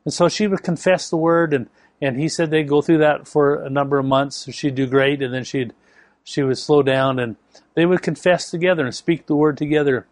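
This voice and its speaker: A man's voice: on the high side, fairly even intonation, moderate pace, dry recording. A man preaching a sermon, telling a story with emphatic delivery. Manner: storytelling with acted quotes, emphatic.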